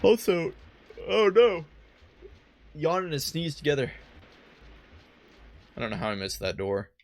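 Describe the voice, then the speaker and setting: A man's voice: fairly high pitch, sing-song, a little slow, a little hiss or hum. A man casually commenting while playing a video game, rambling with joking asides. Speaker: let's play host. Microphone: headphones and desk mic.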